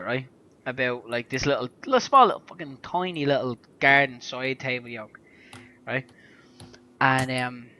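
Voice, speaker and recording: A man's voice: mid-range voice, sharp tone, muffled recording, a little hiss or hum. A man, co-hosting a podcast in casual chat, laughing easily and using slang. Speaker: podcast co-host.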